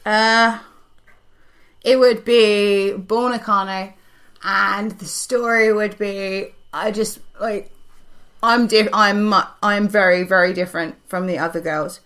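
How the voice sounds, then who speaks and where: Young woman, earnest, sweary podcast co-host; mid-pitched, animated storyteller. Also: slow. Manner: heavy swearing, emotional and earnest; animated, tumbling restarts.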